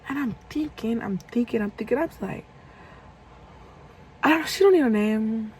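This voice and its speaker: A young woman telling a casual storytime vlog, animated and profane, acting out heated quotes. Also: a little high, moderate pace, a little hiss or hum, low-quality recording. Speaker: vlogger.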